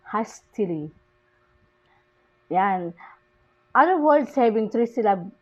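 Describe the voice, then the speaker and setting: A woman reads a lesson aloud slowly and haltingly, restarting words as she goes. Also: fairly high pitch, a little mellow, highs cut off. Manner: slow, halting delivery with restarts.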